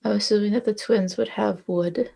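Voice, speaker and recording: A woman in a tabletop role-play chat talks casually, hesitating with fillers and swearing occasionally. Her mid-range voice is gravelly and dark, with a steady tone at normal speed.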